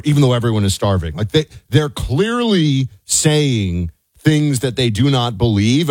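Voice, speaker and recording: A man's voice: medium pitch, darkish tone, dry recording. Guy ranting on talk radio, sarcastic, dry close mic. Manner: emphatic, sarcastic, argumentative. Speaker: radio show co-host. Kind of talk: opinionated talk radio commentary.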